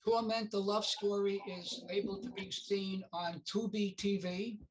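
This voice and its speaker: On a low-quality recording, a man whose voice sits high and steady speaks as an interviewed film producer. His casual storytelling is halting, packed with fillers and restarts, and he acts out what others said.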